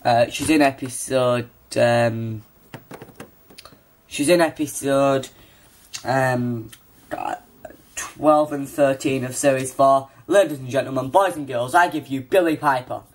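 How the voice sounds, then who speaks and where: A man's voice: medium pitch, takes it slowly, pauses often. A young man hosting a homemade comedy talk show, hesitant and full of ums. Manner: hesitant, lots of ums and restarts. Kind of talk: amateur comedy chat.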